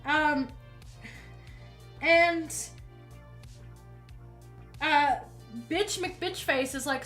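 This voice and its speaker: A woman streamer casually telling a story while she paints, chatty and swearing freely, with lively acted-out dialogue. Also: high-pitched, drawn-out words, pauses often, soft background music.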